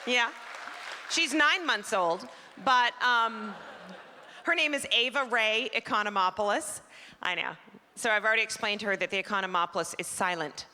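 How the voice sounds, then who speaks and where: On a theater stage, a stand-up comedian, a Canadian woman in her forties, ribs the crowd and mocks herself in a chatty set. Her mid-range voice is bright and forceful at a moderate pace. The live recording carries long reverb and faint audience sounds.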